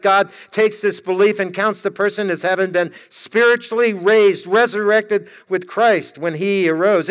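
A man preaching a sermon with emphatic, drawn-out delivery and dramatic pauses. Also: sits high. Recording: reverberant church hall.

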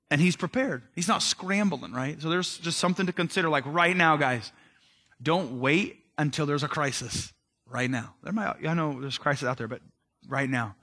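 A man delivering a casual, conversational sermon as a pastor, speaking to his listeners directly and informally. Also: fairly high pitch. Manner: conversational, animated, addresses listeners as guys and man.

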